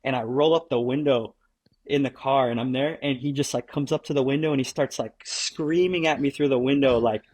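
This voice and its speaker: A man's voice: mid-range voice, fairly even intonation, a little fast, darkish tone. A young man, a guest, telling a story in a laid-back way, saying dude and like constantly. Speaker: guest skateboarder. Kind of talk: casual storytelling.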